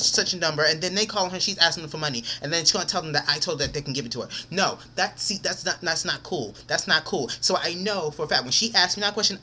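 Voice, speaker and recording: A man's voice: fairly high pitch, sharp tone, slight background noise. A young man vlogging an angry, profane rant, repeating himself as he vents.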